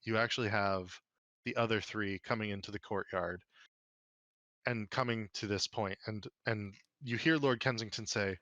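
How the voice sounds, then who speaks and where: A man narrating a tabletop game as game master, relaxed and casual. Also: fairly low pitch, normal speed, no echo.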